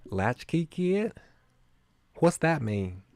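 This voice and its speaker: A man's voice: fairly high pitch, big pitch swings, extremely slow, darkish tone, slight background noise, voice pushed up, heavily acted. A man voicing a curious young boy in a visual novel, lighter and more childlike than his own voice.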